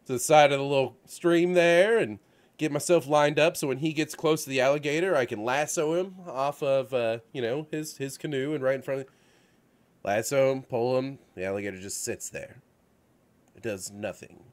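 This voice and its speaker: A man's voice: medium pitch, moderate pace. A man hosting a casual talk show, rambling through video game stories with lots of fillers and restarts. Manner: rambling, animated storytelling with frequent fillers. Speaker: show host. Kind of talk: casual chat about video games. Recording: radio-show studio setup.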